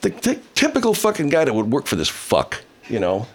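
A man's voice: medium pitch, huge pitch swings, a little fast, slightly rough. A man hosting a casual livestream, reading viewer comments, swearing heavily and ranting angrily. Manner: baby talk to his pet cat. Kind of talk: casual profane livestream chat.

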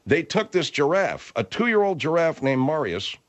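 A man's voice: fairly high pitch, big pitch swings, moderate pace. A man hosting a comic radio show, rambling and stumbling over his words. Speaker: radio host.

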